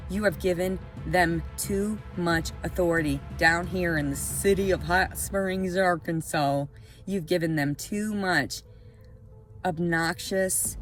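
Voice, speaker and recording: A young woman ranting to camera in a vlog, angry and profane, swinging between quiet brooding and loud outbursts. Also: fairly low pitch. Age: young adult. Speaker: vlogger. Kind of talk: emotional rant to camera.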